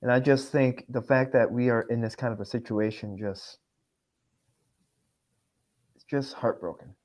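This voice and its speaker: A man's voice: medium pitch, unhurried, a little mellow. A man who immigrated, speaking earnestly and emotionally as a guest on a political podcast. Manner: earnest, emotional, reads his own post aloud. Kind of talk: emotional interview talk.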